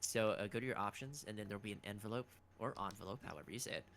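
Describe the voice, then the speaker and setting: A man's voice: lowish voice, rapid-fire, heavy background noise. A man guiding a friend through a game on a casual stream, teasing her and explaining the controls step by step. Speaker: gaming guide and co-streamer. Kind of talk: casual live-stream chat.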